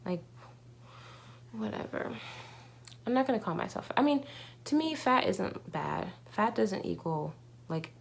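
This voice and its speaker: A woman's voice: medium pitch, very animated, moderate pace, gravelly, slightly rough. A young woman talking casually to camera in a candid, rambling vlog, with many fillers and restarts. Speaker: vlogger.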